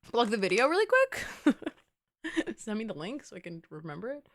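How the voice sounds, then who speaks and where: A woman's voice: on the high side, wildly swooping pitch, normal speed, a bit bright. A young woman streaming from home, chatting playfully with her viewers and swearing casually. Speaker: game streamer. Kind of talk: casual live-stream chat.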